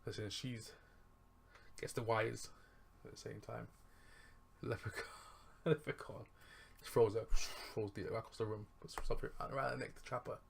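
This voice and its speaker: A man's voice: lowish voice, flat delivery, moderate pace, vocal fry, slight background noise. A man casually retelling a film's plot as a reviewer, rambling, chuckling and correcting himself as he goes. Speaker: movie reviewer.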